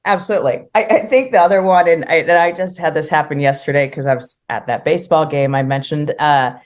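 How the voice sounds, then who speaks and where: A woman's voice: low-pitched, brisk. A woman co-hosting a podcast, chatting playfully and asking her guest lighthearted questions. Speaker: podcast co-host. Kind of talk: casual interview conversation.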